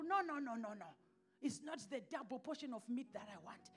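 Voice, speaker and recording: Woman preacher, very high voice, impassioned sermon, shouts and hushed readings, faint music behind. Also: lively intonation, normal speed.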